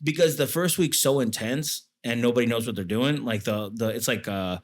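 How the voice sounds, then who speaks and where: A man's voice: mid-range voice, normal speed. A man talking as an interview guest, a military veteran telling stories in a rambling way with many fillers and restarts. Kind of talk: casual storytelling.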